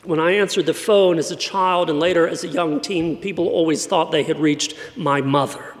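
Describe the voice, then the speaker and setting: A man's voice: on the high side, fairly even intonation, moderate pace. A man from San Antonio preaching a sermon in a wry, conversational way. His light voice is often mistaken for British. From San Antonio, Texas. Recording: long church reverb.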